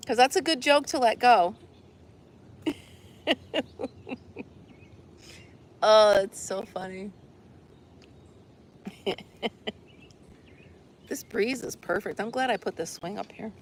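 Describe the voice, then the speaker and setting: A woman's voice: mid-range voice, measured pace, long pauses. A woman chatting casually with her viewers outdoors on a deck, rambling and laughing often. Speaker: livestream host.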